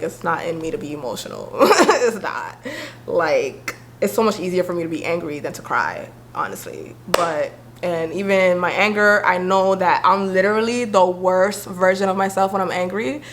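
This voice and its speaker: A young woman vlogging to camera, talking candidly and with attitude, acting out friends in quick quoted voices. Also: fairly low pitch, a little hiss or hum. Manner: animated, sassy, acts out friends' voices.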